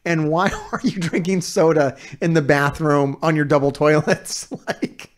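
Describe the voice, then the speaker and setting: A man's voice: on the high side, moderate pace, few pauses. A man reacting to a video as a streamer, ranting in casual, heavily profane and exasperated commentary.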